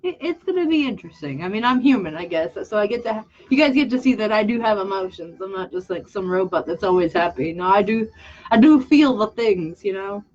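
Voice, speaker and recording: Her medium-pitched voice is expressive and somewhat dark, moving a little fast as she draws and chats for her vlog. The young artist speaks candidly and self-mockingly, wandering off track, starting over repeatedly, and sounding near tears. The audio is muffled and lo-fi.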